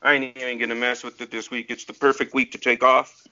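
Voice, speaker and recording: A man's voice: medium pitch, flat delivery, fast talker, sharp tone, lo-fi sound. A man chatting casually on a livestream, blunt and laid-back with loose cursing. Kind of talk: casual chat.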